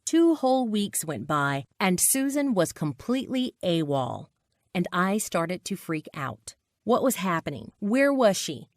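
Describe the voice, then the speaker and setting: A woman's voice: lowish voice, sing-song, measured pace, no room sound, clean studio sound. A woman narrating a dramatic personal story in a scripted read.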